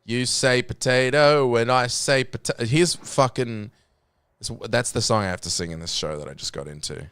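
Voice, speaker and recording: A man streaming a game, chatting casually with a teasing, sweary, deadpan manner. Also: mid-range voice, moderate pace, smooth, no room sound, clean studio sound. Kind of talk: casual gaming chat.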